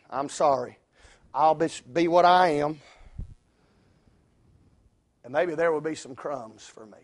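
A man putting on a meek, begging woman. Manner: low, meek and pleading. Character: humbled foreign woman begging for crumbs.

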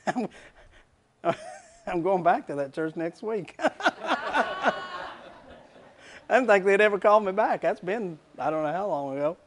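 A man's voice: high-pitched, lively intonation, takes it slowly, long pauses, a bit bright. A man preaching a sermon, telling a story with emotive swells.

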